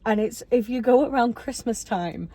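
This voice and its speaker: A woman co-hosting a casual podcast chat, playful and needling, quick to laugh. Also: a little high, dark tone. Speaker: podcast co-host.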